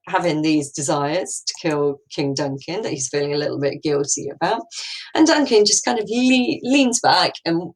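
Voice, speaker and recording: Low-voiced woman teaching. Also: low-quality recording. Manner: musing, full of rhetorical questions. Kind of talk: recorded lesson.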